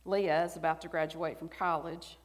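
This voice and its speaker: A woman's voice: deep voice, flat delivery, normal speed. A woman in her forties with a Southern US accent, giving a sermon that builds to emphatic, rising exhortation. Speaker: speaker. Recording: long hall reverb.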